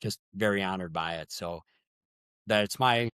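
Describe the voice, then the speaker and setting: A middle-aged man with a low, smooth, resonant voice, telling heartfelt stories as a guest in a conversation. He speaks openly and earnestly, and the recording is close and dry. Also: unhurried, fairly bright tone, no room sound. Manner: earnest, emotional storytelling. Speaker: guest, sports official. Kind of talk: storytelling interview.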